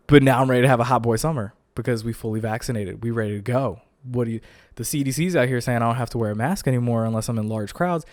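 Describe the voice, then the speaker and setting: A man's voice: medium pitch, quick pace, darkish tone, no room sound. Worn-out joking young man podcasting. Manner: chatty and joking, with lots of "like" fillers. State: tired and a bit winded after illness. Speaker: podcast host. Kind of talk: casual solo podcast monologue. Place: home recording setup.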